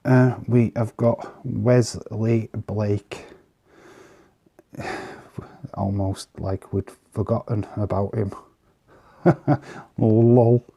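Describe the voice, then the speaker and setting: A man casually commenting on trading cards in an easygoing, chatty way, pausing often with fillers. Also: lowish voice, level tone, gravelly, mellow, slightly rough. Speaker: vlogger showing trading cards.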